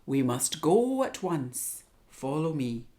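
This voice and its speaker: A woman reading aloud and voicing a wise, observant old male owl in a measured, knowing way. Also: low-pitched, very animated, mellow, full character voice. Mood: earnest.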